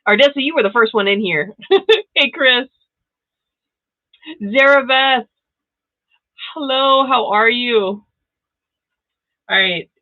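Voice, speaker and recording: A woman's voice: on the high side, slow, pauses often. A grandmother hosting a casual livestream, chatty and laughing often as she reads out viewer comments. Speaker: livestream host. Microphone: new plug-in microphone. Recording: tinny phone-like sound.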